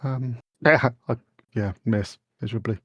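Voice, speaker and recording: A man's voice: mid-range voice, normal speed, husky, no room sound. A man playing a tabletop game, hesitant and self-mocking about his rolls. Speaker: player. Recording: dull lo-fi microphone.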